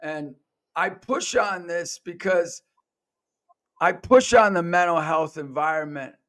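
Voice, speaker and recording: A man's voice: a little high, slow, fairly bright tone. A man hosting a podcast, telling personal stories in an earnest, conversational way and acting out the voices of the people he quotes. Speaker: podcast host.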